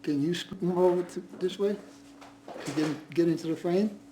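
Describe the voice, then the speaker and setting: A man with a notably high-pitched speaking voice hosts a casual live stream from home. He greets viewers one after another in a friendly, chatty way. Frequent chuckles run through his talk. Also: moderate pace, warm tone, a little hiss or hum, poor audio. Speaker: livestream host.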